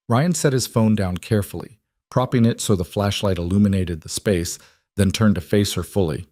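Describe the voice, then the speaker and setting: A man reading a dramatic story in an even, measured narration style. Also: fairly low pitch, no echo, studio quality. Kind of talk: scripted narration.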